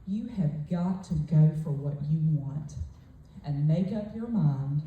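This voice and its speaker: A woman's voice: low voice, warm tone, far from the mic. A woman gives a forthright, emphatic motivational talk, telling a story to a retreat audience. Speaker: motivational speaker at a sales retreat. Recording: echoey hall, voice off-mic.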